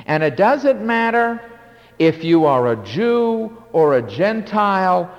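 A man's voice: sits high, very animated, slow, highs cut off. An older man preaching a sermon as pastor, emphatic and drawn out, with sudden swells and drops in his delivery. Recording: long hall reverb.

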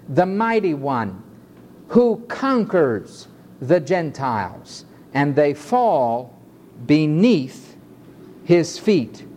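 A male preacher delivering an emphatic sermon in a measured cadence, stretching his phrases out. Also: a little high, darkish tone, slight background noise.

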